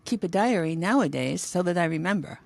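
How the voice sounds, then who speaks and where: A woman's voice: fairly low pitch, expressive, fairly quick, vocal fry. A middle-aged woman co-hosting a podcast, joking about her own forgetfulness and asking short questions. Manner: forgetful, self-mocking, asks short questions. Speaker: podcast co-host. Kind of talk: casual chat.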